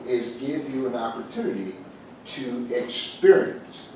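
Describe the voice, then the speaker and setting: A man's voice: medium pitch, unhurried. A male pastor telling a joke-filled story to a group and bantering with his listeners. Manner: joking, animated storyteller, chats with the audience. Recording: echoey room from a distant mic with faint noise.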